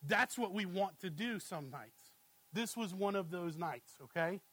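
A man's voice: high voice, unhurried, dry recording, low-quality recording. A man in his thirties preaching a sermon in a conversational way, telling family stories and often asking "right?". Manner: conversational, asks "right?" often, animated when storytelling. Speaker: pastor.

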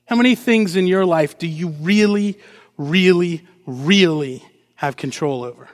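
A man preaching a lively sermon as pastor, asking the congregation rhetorical questions and acting out short quotes with playful energy. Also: high-pitched, measured pace. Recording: long hall reverb.

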